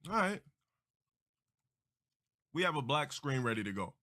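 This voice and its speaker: A man's voice: medium pitch, very animated, measured pace, sharp tone. A man livestreaming, making grandiose and self-important proclamations in a theatrical way.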